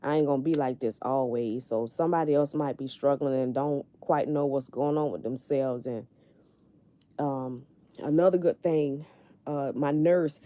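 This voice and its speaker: A woman's voice: low voice, mellow, dry recording. A middle-aged woman hosting a casual live stream from her bed at home, confiding candidly in her viewers. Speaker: livestream host.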